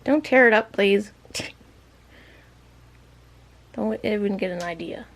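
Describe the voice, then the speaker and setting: A woman's voice: mid-range voice, slow. A woman vlogger chatting playfully to her pet parrot in teasing baby-talk, laughing often.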